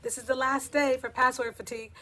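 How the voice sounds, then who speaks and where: A woman's voice: high voice, level tone, quick pace, pushed and bright. A woman vlogger talking casually to camera, chatty and playful. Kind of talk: casual talk to camera with skits.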